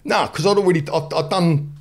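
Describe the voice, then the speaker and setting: Brisk and a little high-pitched, a London-accented man in his forties from England shares his life story as a guest. He tells it lively and blunt, unpolished and sprinkled with slang.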